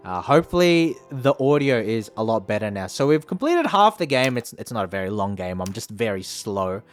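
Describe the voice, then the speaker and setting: A man's voice: fairly low pitch, big pitch swings, fairly quick, faint music behind. A man streaming a story game, chatting casually, laughing often and joking about his own voices. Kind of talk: casual live-stream chat.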